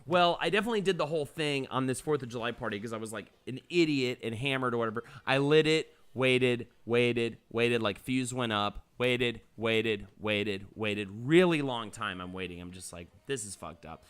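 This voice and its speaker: A man's voice: mid-range voice, moderate pace, few pauses, fairly bright tone, smooth. A man hosting a live-streamed podcast, reading chat comments aloud and telling stories casually, with swearing. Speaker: podcast host.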